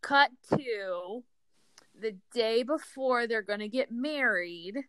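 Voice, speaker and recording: A woman hosts a relaxed talk show, telling a story in a chatty, giggly way with plenty of fillers. Her voice is smooth and clear and sits a bit high. The recording is dry and close. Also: slow, no echo. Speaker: podcast host. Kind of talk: casual chat, telling a hymn's history.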